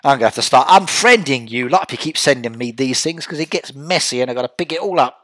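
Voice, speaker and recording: Male streamer, mid-pitch, rambling and playful, dry sound. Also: lively intonation, fast talker, fairly bright tone, dry recording. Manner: chatty, joking, rambling. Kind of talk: casual live-stream chat.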